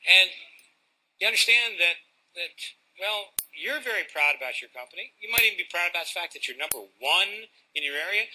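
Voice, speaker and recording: A man coaching an audience on presenting, animated and demonstrative, asking rhetorical questions. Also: sits high, a little fast, a little hiss or hum, rough recording. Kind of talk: live talk to an audience.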